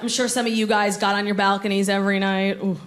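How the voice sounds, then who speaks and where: A young woman performs stand-up on a theatre stage in front of a live audience, brash, self-absorbed and dryly sarcastic. Her medium-pitched voice is flat and fast. The live recording is very noisy, with the crowd's laughter in the background.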